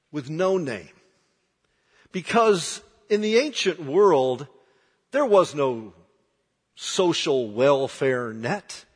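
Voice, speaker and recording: A man preaching a sermon as pastor, moving from hushed, slow lines to loud, dramatic outbursts. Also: on the high side, breathy edge. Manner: dramatic, swings from hushed to shouting. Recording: long hall reverb.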